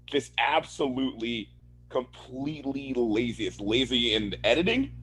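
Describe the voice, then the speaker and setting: A man of medium pitch with a fairly bright tone and lively intonation speaks at normal speed over slight background noise. Co-hosting a podcast, the Floridian rants casually, swearing and laughing throughout the chat.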